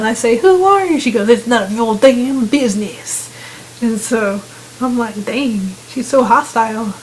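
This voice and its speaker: A woman casually narrating a video game, retelling scenes and quoting the characters in quick voices. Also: on the high side, rough recording. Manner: chatty retelling with quoted voices. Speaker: gamer narrating gameplay. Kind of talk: casual gameplay commentary.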